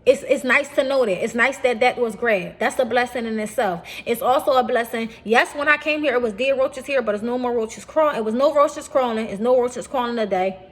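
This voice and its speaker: A young adult woman talks straight to her viewers in a casual vlog. Her voice sits a bit high. She is animated, keeps repeating her points, and keeps calling her audience y'all. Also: fairly quick, few pauses. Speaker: vlogger. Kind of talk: casual talk to camera.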